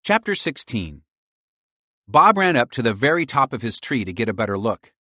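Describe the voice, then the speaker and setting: A man narrating a children's audiobook with lively, expressive storytelling. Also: medium pitch, normal speed, no room sound.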